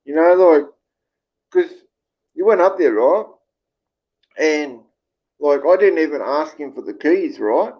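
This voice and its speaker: A man's voice: a little high, expressive, takes it slowly, pauses often, highs cut off. A man with an Australian accent hosting a casual livestream, rambling with lots of fillers and swearing freely as he reads viewer comments. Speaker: livestream host.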